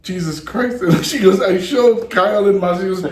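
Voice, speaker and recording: A man telling a funny story in casual chat, laughing often and jumping into higher voices when quoting others. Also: normal speed, recorded from a distance. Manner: laughs often, jumps into high voices for quotes. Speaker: podcast co-host. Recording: echoey room, set back from the mic, faint noise.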